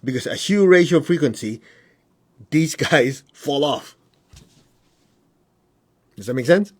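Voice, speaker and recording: Husky-voiced man giving a spiritual talk. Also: expressive, slow. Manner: conversational, asks the audience whether it makes sense; mimics students in high voices. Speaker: spiritual teacher and healer. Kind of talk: casual spiritual teaching on a live stream.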